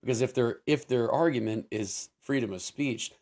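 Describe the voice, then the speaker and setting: A man's voice: mid-range voice, normal speed, darkish tone. A man co-hosts a casual talk show and laughs easily. He makes sarcastic asides, then lays out the details one step at a time. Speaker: co-host.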